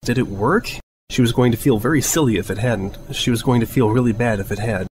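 A man narrating a fan story in a measured, steady reading voice. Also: medium pitch, slight background noise, poor audio. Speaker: fanfiction reader.

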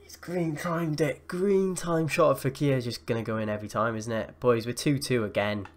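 A young man giving excitable live commentary over his own football video game matches, gasping and shouting at the plays. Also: mid-range voice, fairly quick. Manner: excitable, yells and gasps at plays. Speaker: gaming YouTuber.

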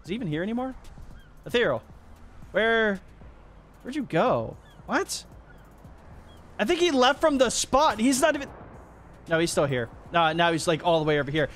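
A young man commentates a match in a high, bright voice, quick to excitement and laughter as he talks at the players. A faint hiss of noise sits under his voice. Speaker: gaming YouTuber. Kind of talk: gameplay commentary.

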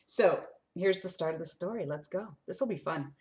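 Her voice sits on the low side as she reads a children's picture book, bouncing along in a sing-song way with large upward sweeps. The woman, who lives in the Arizona desert, moves at a moderate pace with few pauses and keeps asking her young audience things.

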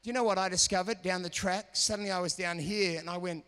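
A man's voice: high voice, quick pace, few pauses. A man preaching a sermon, telling a story and acting out the voices of the people in it. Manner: animated, acts out quoted voices. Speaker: pastor. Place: church auditorium. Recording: reverberant church hall.

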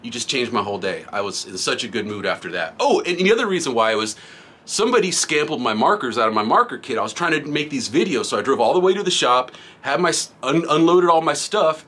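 A middle-aged man hosts a graffiti supply channel, reviewing products and reading viewer comments in a laid-back, rambling way while laughing often. His mid-range voice is bright and carries a forceful tone.

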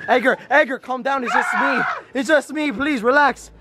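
A man's voice: very high-pitched, moderate pace, very noisy. A man filming a vlog, talking frantically and repeating words, with music underneath. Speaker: vlogger. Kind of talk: excited casual vlog chatter.

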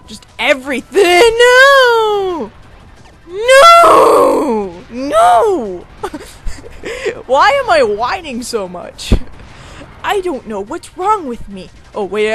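Excitable, rambling let's play commentator. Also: high-pitched. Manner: rambling, excitable, shrieks and whines at setbacks. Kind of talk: casual gameplay commentary.

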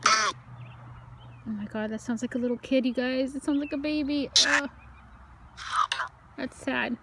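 A chatty woman with a somewhat high voice talks through a casual paranormal vlog, addressing her viewers directly. She is filmed outdoors in a cemetery. The recording carries clear outdoor background noise. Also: level tone, measured pace, long pauses. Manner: chatty, addresses viewers as you guys and y'all. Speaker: paranormal vlogger.

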